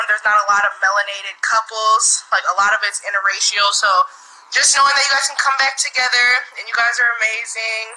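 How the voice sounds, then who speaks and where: Gushing young woman caller, very bright voice. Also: mid-range voice, low-quality recording. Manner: gushing and effusive, full of 'like'. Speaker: caller on a live stream. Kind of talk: casual emotional praise.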